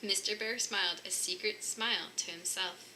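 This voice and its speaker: A storybook reader with a mid-range voice goes through a children's picture book at normal speed, lively and lifting her voice for the bear cubs' lines. The recording is very noisy.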